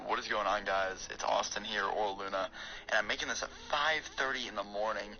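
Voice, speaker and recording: A young man telling a rambling, excitable storytime on his vlog, full of fillers. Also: lowish voice, fairly quick, muffled recording. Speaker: YouTuber storyteller.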